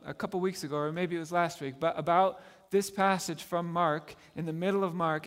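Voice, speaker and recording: Male pastor, slightly high voice, preaching in a church with long reverb. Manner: animated, swinging between loud emphatic lines and soft hushed asides. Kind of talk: sermon.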